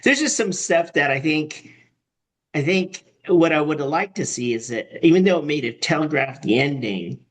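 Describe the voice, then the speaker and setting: Man, workshop participant, rambling and thoughtful critique, mid-range voice. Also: medium pitch. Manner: thoughtful, rambling, many restarts. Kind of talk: casual discussion.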